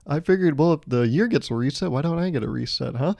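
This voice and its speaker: A man's voice: fairly high pitch, quick pace, creaky, a little mellow, no room sound, studio quality. A man hosting a podcast, rambling through a playful comedic monologue full of self-amused asides. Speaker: podcast host.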